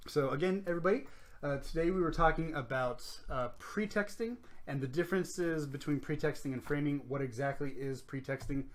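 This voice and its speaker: A man's voice: a little high, fairly quick. A man with a slightly raised voice hosts a casual podcast chat. He explains things step by step and comes back to his main points. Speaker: podcast host.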